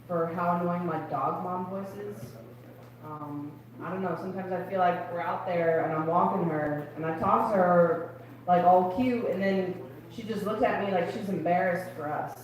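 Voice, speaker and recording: A woman's voice: on the low side, very echoey, distant mic, crowd noise, low-quality recording. A young woman doing chatty, confiding stand-up comedy at an open mic in a club. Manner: chatty, confiding, quick asides.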